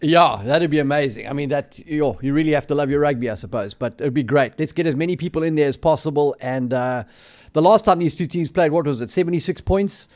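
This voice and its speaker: A man's voice: fairly high pitch, fairly quick, a little mellow. A man co-hosting a rugby podcast, chatty and easygoing, often tacking on "mate". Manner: chatty, keeps saying mate. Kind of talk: casual sports chat.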